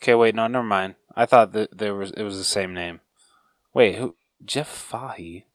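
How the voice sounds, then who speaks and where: A man's voice: fairly low pitch, normal speed, no room sound, studio quality. A man co-hosting a podcast, chatting casually and a bit hesitantly about movies. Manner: chatty, hesitant, says um and dude a lot. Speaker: podcast co-host.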